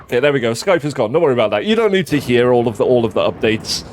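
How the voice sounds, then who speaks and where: A man's voice: mid-range voice, very animated, rapid-fire, darkish tone, a little hiss or hum. A man hosting a game stream, chatty and teasing, often stammering as he restarts his sentences. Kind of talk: casual let's-play chat.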